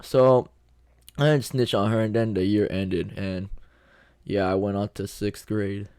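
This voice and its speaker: A man's voice: fairly low pitch, fairly even intonation, a little slow, darkish tone, clear, resonant tone, no room sound, studio quality. A young man vlogging a casual story time, telling it in a loose, slangy way with lots of quoted back-and-forth.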